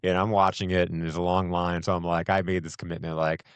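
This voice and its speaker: Host, middle-aged man, deep low voice, dry close sound, rambling storyteller with fillers. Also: flat delivery, quick pace, clean tone, no room sound. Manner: storytelling with laughs and many fillers. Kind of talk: casual conversation.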